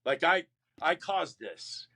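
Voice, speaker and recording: A man's voice: a little high, takes it slowly, creaky. A middle-aged man, a Marine veteran guest, telling his life story in an interview, acting out the voices of people in it. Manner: animated, acts out quoted voices, frequent restarts.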